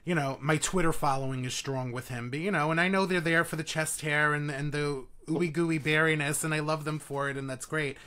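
A man's voice: on the high side, fairly even intonation, brisk, few pauses. A man with a New York accent, a magazine editor guest, talking in a rambling way full of fillers. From Queens, New York. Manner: rambling, filler-heavy, warm. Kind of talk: casual interview chat.

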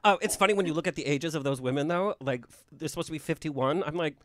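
A man's voice: fairly high pitch, fast talker, a bit bright, no echo, studio quality. A man hosting a casual chat show, playful and teasing, laughing often. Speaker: host.

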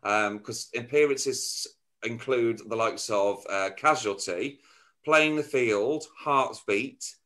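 A man's voice: mid-range voice, takes it slowly, pushed and bright. A man hosting a casual remote interview over a video call, chatty and reading from his notes with plenty of ums. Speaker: interview host.

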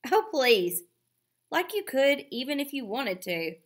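A woman reading aloud, voicing a proud, quick-tempered young girl with a snappy, boastful manner. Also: medium pitch, animated, pushed and bright.

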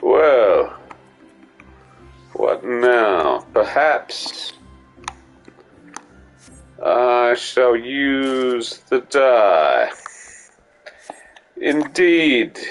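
A man putting on a pompous, overly formal gentleman's voice, stretching his words out grandly. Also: on the low side, voice pushed down, heavily acted.

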